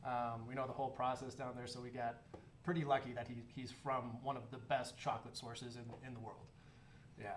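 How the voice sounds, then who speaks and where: A man's voice: medium pitch, a little fast. Man talking shop in an echoey room. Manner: relaxed, joking, with fillers and restarts. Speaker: chocolate maker. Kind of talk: casual interview. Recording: echoey room with faint noise.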